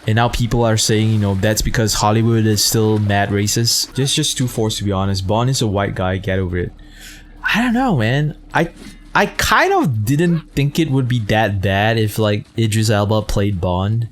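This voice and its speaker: A man's voice: on the low side, moderate pace, a little hiss or hum. A man chatting casually as a streamer, rambling, profane and laid-back, often laughing at his own jokes. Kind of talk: casual chat.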